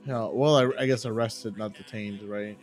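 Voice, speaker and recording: A man's voice: on the low side, fairly even intonation, moderate pace, darkish tone, faint music behind. Rambling man telling a story on stream. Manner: rambling, self-correcting with many "you know" and "like". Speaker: streamer hosting a live game stream. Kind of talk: casual storytelling chat.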